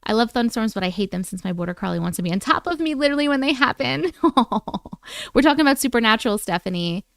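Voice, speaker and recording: A bubbly woman hosts a casual livestream and greets viewers by name. Her voice sits a little high and comes across smooth and clear. The sound is dry and close. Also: expressive, fast, a bit bright, no room sound. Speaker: livestream host. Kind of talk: casual chat reading live comments.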